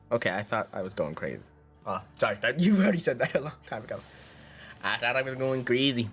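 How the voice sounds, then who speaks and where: A man's voice: mid-range voice, expressive, fast, a bit bright, breathy edge, soft background music. A man streaming, reading a visual novel aloud in a casual way, tripping over words and joking between lines.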